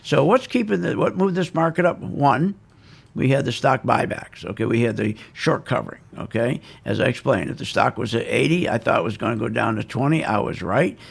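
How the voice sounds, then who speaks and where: A man's voice: medium pitch, expressive, brisk, gravelly, husky. A man giving casual, emphatic and self-assured stock market commentary, repeating his points.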